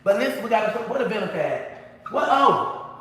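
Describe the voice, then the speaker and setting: With a medium-pitched, animated voice and a fast pace, this woman boasts and preaches to her livestream audience while cooking at home, addressing them as honey and baby. She's a vlogger speaking into a phone propped up in her kitchen, and the sound is reverberant with a long reverb tail.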